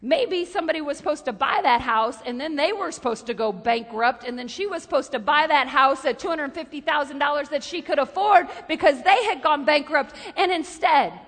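A woman preaching a sermon in a lively, animated way, repeating questions for emphasis and telling stories. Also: high-pitched, a little fast, hardly any pauses, in a large hall.

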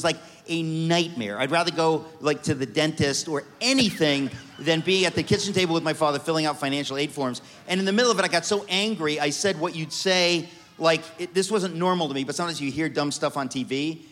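A middle-aged man from New York telling funny family stories on stage, animated and comic, often restarting his sentences. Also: fairly high pitch. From New York, USA. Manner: animated, comic, self-interrupting. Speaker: guest speaker. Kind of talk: storytelling on stage. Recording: reverberant hall.

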